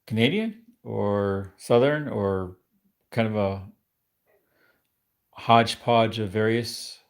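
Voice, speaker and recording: Gravelly-voiced man chatting on a live stream. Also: lowish voice, lively intonation, slow pace. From New York. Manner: chatty and rambling, often laughing at himself. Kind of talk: casual live-stream chat.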